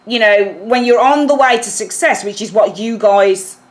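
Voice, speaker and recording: A woman's voice: a little high, moderate pace. A woman giving a casual tarot reading, chatty and apologetic, correcting herself as she goes. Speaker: tarot reader.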